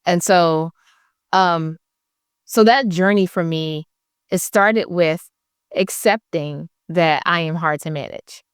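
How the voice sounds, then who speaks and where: A woman's voice: fairly low pitch, slow, clean tone, no echo, clean studio sound. A woman guest on a podcast, telling her own stories in a blunt, emphatic, candid way. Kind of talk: candid conversational storytelling.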